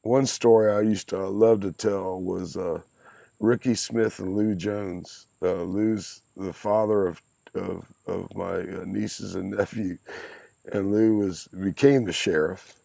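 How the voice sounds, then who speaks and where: A man in his sixties telling lively stories from his youth in a casual chat, with salty language and chuckles. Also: low-pitched, slow, gravelly, no room sound. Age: 60s. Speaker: podcast guest, host's father. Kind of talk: casual storytelling.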